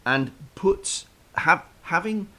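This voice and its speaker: A man's voice: high voice, lively intonation, slow, pushed and bright. A man casually telling a self-deprecating story in a chat, with lots of restarts, over a faint hiss.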